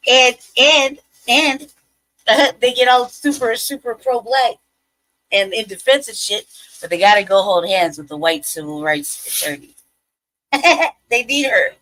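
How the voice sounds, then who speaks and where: A woman's voice: medium pitch, fairly bright tone, rough recording. A woman hosting a live stream in casual commentary, chatty, laughing often and trailing off mid-thought.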